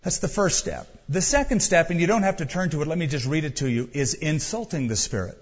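A man's voice: a little high, animated, brisk, slightly rough, long reverb tail, muffled recording. A man pastor preaching a sermon in a church, urging his listeners directly and emphatically.

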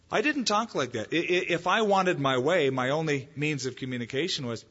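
Husky male preacher in an echoey hall. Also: on the high side, brisk, few pauses, muffled recording. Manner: conversational preaching, lively emphasis. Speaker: pastor. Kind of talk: sermon.

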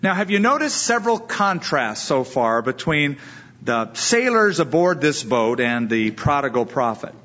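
A man preaching a sermon as a pastor, explaining scripture and acting out quoted voices in lively asides. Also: a little high, measured pace, highs cut off.

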